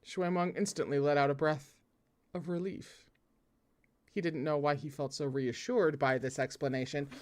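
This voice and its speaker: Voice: mid-range voice, steady tone, moderate pace. A host reading a novel aloud to listeners, stopping for laughing, chatty asides about the story. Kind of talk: read-aloud narration with commentary.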